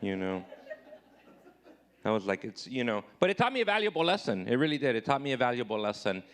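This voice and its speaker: Man, thirties, live stand-up set, self-deprecating, average pitch, voice shooting up on punchlines. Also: sing-song, quick pace. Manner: self-deprecating, swings high and loud when acting out his own replies. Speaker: stand-up comedian.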